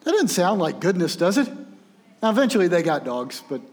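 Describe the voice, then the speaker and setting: A male pastor preaches in a conversational, storytelling way, with a voice pitched somewhat high for a man. His talk is animated, and it carries through a church sanctuary with a long, lingering reverb. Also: brisk. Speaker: senior pastor. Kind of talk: sermon. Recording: long reverb of a large hall.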